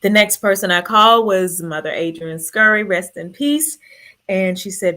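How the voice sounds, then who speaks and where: A woman's voice: mid-range voice, moderate pace, sharp tone. A woman telling her own story to an audience, earnest and emotional, holding back tears. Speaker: speaker sharing her story.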